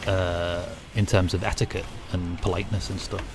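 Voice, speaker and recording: A man's voice: sits low, level tone, moderate pace, over music. A man with a Northern English accent near Scouse, chatting casually with viewers while gaming, easygoing and full of "like" and "you know". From North of England. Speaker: game streamer.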